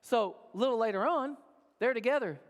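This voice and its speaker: A very high-pitched, expressive man speaks briskly as a pastor, recounting a sermon story in a relaxed, conversational manner and frequently adding "right?" to his lines. The church auditorium gives the recording a long hall reverb.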